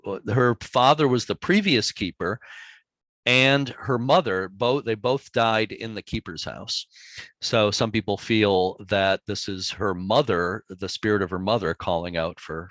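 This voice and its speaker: Low-voiced man telling spooky stories. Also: no room sound. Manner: relaxed, chatty storytelling with easy chuckles. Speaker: author giving a library presentation. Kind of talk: storytelling public talk with slides and audio clips.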